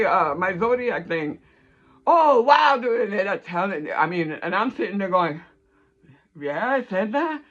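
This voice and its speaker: A woman's voice: fairly low pitch, a bit bright, dull audio. A woman in a casual, rambling monologue who swears freely and laughs mid-sentence. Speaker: vlogger on astrology and tarot.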